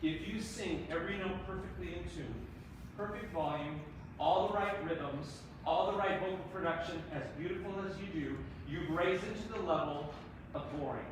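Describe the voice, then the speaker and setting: A fairly high-voiced man gives lively, encouraging feedback to a group of singers, laughing now and then. He is heard from a distance in a very echoey hall, with steady background noise. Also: normal speed. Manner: encouraging, animated, laughs often. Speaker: performance adjudicator. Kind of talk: live feedback to performers. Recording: echoey room, far from the mic, noisy.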